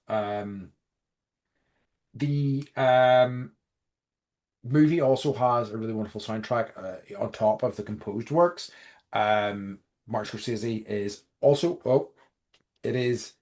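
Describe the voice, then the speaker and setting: A young man from Northern Ireland co-hosts a film podcast in easygoing chat. He rambles, circling back with plenty of ums and self-corrections. His pitch sits right in the middle for a man. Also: slow, a little mellow. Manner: rambling, many fillers and restarts. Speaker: podcast co-host. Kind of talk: casual chat.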